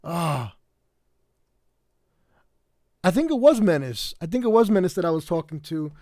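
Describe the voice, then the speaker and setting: Tired New York man, livestream host; raised voice, dark mellow tone, dead-dry sound, rambling delivery. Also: fairly high pitch, very animated, measured pace, no echo. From South Bronx, New York. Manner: rambling, many fillers and restarts. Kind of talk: casual livestream chat.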